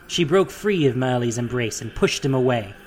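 A narrator reading a fantasy audiobook in a steady, dramatic storytelling manner. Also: medium pitch, moderate pace.

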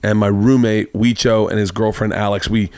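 A man's voice: on the low side, little pitch movement, normal speed, a little mellow, no room sound. A man hosting a podcast, telling a long, rambling anecdote in casual chat and acting out the voices of the people in it. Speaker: podcast host. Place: home studio room.

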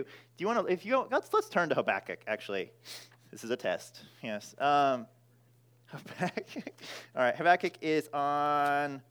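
Man, preacher, sermon, slightly high voice, casual teaching, many restarts. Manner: prays softly, then teaches in a casual, joking way with many restarts.

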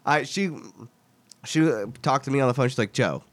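A young man from Texas telling a story in casual chat, animated and swearing as he acts out the voices of the people in it. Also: mid-range voice, fairly quick, dry recording.

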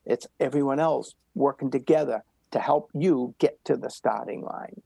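Older male interview guest, gravelly and breathy, punchy repeated phrases. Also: medium pitch, normal speed, dark tone, no echo. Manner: emphatic, repetitive motivational delivery. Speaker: guest runner. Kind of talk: storytelling interview.

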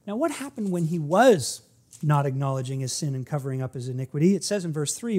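A man preaching a sermon as pastor, speaking conversationally and swinging between quiet asides and loud, emphatic peaks. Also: a little high, expressive, a little fast.

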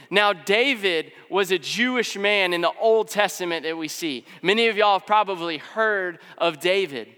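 Bright high-voiced preacher in a reverberant hall. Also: male voice, clear, resonant tone. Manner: conversational, with fillers and asides. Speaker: pastor. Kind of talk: sermon. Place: church hall.

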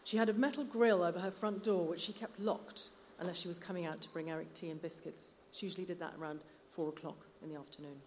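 Low-voiced woman reading her story aloud. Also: steady tone, fast talker, few pauses, a little mellow, a little hiss or hum. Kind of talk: live literary reading. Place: live literary night venue. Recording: reverberant hall with faint ambience.

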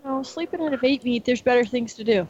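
A woman's voice: on the high side, fast, a little mellow. A woman telling a long anecdote in casual chat, laughing often as she goes. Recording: dull lo-fi audio.

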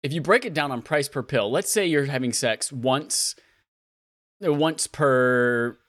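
A man co-hosting a comedy podcast, doing silly mock ad reads and breaking into high-pitched laughter. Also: slow pace, a bit bright, no room sound, studio quality. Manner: goofy, bursts into laughter and high squeals. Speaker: podcast co-host.

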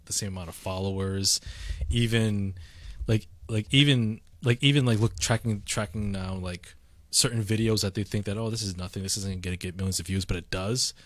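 A man's voice: lowish voice, a bit bright, no room sound. A man co-hosting a casual chat, rambling with lots of fillers and restarts. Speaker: podcast co-host.

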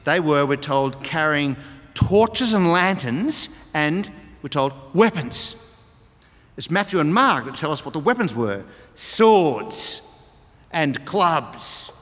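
A man's voice: on the high side, very animated, slow pace, fairly bright tone. Man preaching in a reverberant church. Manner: expository, reads and explains scripture with emphatic repetition. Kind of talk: sermon. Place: church hall. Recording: long hall reverb.

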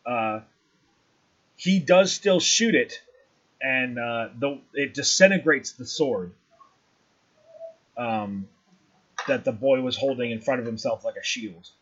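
A man's voice: mid-range voice, slow pace, long pauses, a bit bright, slightly rough. A man running a tabletop game as game master, describing scenes and ruling on checks, on a dull lo-fi recording.

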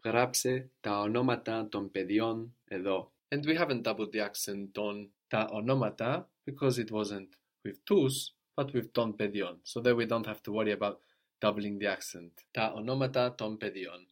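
A man teaching a language lesson, patiently prompting and repeating answers slowly. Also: lowish voice.

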